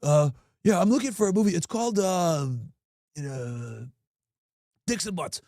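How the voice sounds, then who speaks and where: A man doing a pervy, low prank caller. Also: big pitch swings, a little slow, mellow, dry recording, studio quality, full character voice. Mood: creepy. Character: creepy male prank caller.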